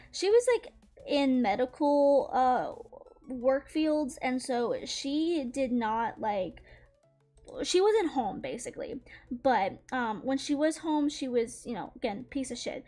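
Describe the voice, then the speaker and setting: A young woman from the Southern United States, with a Southern American accent and a high voice, chats at a slow pace in an expressive, slightly mellow way. She's a streamer telling a story while drawing in a casual storytime chat, laughing often and using lots of "like" and "dude."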